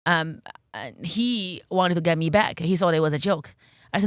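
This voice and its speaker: A woman's voice: fairly low pitch, moderate pace, clear, resonant tone, dry recording, clean studio sound. A woman in her thirties from China, with a Chinese accent, telling her life story bluntly as a comedian guest on a podcast. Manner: candid, blunt storytelling with frequent restarts.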